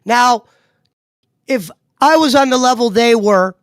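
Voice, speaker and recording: A man co-hosting a casual livestream chat, steady and explanatory. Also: very high voice, a little slow, clear, resonant tone, dry recording. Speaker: co-host.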